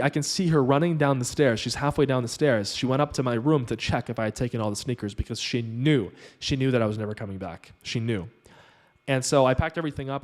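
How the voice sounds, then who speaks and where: A man telling his own story to camera on his channel, earnest and rambling, full of fillers. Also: mid-range voice. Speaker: channel host.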